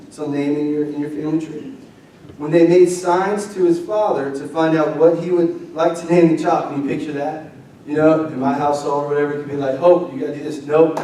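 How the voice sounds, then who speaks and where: A man's voice: fairly high pitch, a little hiss or hum. Preaching man in an echoey church. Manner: lively, conversational preaching with call-and-response. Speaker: pastor. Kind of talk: sermon. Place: church sanctuary. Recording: roomy distant church mic.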